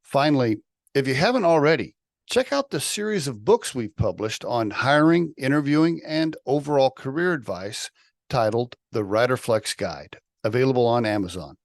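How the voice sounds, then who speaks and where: A man's voice: medium pitch, animated, normal speed, no echo, studio quality. A man hosting a podcast in an upbeat, chatty way. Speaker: podcast host.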